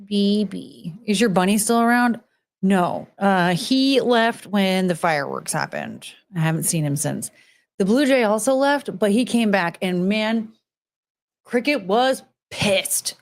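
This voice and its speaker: A woman's voice: medium pitch, expressive, measured pace. A woman hosting a casual chat while reacting to clips, rambling and blunt, swearing casually. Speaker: host.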